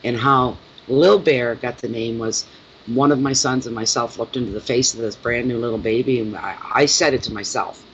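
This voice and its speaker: A middle-aged man, a tarot reader and channel host, chatting casually with his viewers at home and telling animated stories. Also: mid-range voice, moderate pace, muffled recording, slight background noise.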